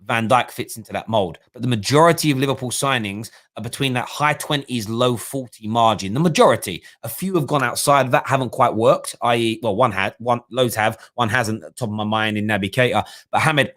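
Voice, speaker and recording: A man's voice: mid-range voice, a bit bright. A man hosting a live-streamed football fan talk show, giving opinionated analysis and thinking aloud with restarts.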